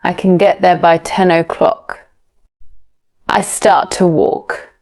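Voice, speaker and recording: Woman reading a learner story real slow, low-ish gravelly voice, careful and clear. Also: flat delivery, darkish tone. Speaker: narrator. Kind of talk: slow scripted storybook narration for English learners.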